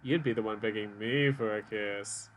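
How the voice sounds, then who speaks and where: A man's voice: fairly low pitch, normal speed, a bit bright, a little hiss or hum, pitched below the performer's own voice, lightly acted, low-quality recording. A man with a stuffy nose voicing a smug, flirtatious male cat in a game, with a teasing, self-assured drawl.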